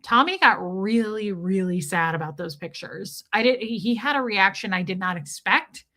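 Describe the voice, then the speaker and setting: Bright-voiced woman chatting on a livestream. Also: medium pitch, lively intonation, normal speed. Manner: chatty and emotional, greets viewers by name mid-story. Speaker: livestream host. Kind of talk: casual livestream chat.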